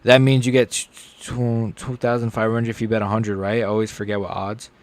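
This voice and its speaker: A young man streaming a live reaction to fights, chatting casually and getting loud and excited when something big happens. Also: fairly quick. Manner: casual, excitable, shouts with rising pitch at big moments.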